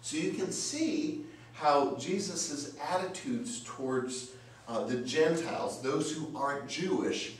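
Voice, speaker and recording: A man's voice: on the high side, animated, takes it slowly. A man preaching a sermon as pastor, emphatic, with rhetorical questions and repeated phrases, heard from a distance in a church sanctuary. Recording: very echoey church, mic from afar, faint noise.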